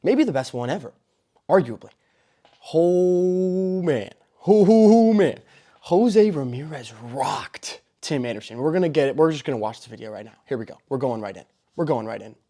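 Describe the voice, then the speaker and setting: Excitable young man recapping baseball. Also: medium pitch. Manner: excitable, breaks into loud exclamations. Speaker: host. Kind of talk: excited sports recap commentary.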